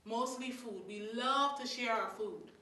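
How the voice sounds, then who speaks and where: A woman from Guyana with a Guyanese accent, telling stories to a live audience in a lively, chatty way, laughing between lines. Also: fairly high pitch, a little slow. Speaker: storyteller. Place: meeting hall of a religious society. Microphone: distant room mic. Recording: echoey hall from far off.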